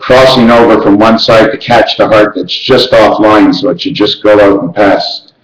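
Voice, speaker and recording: A man's voice: fairly even intonation, moderate pace, echoey room, low-quality recording. A man in a rambling monologue, chanting numbers and letters and jumping between ideas. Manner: rambling, rhythmic counting and chanting, sudden jumps in pitch.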